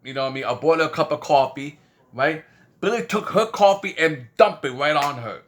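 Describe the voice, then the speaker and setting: A man's voice: a little high, lively intonation, a little fast. A man telling a rambling anecdote in casual speech, repeating "you know what I mean" and acting out other people's lines. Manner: acts out quoted voices. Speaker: storyteller.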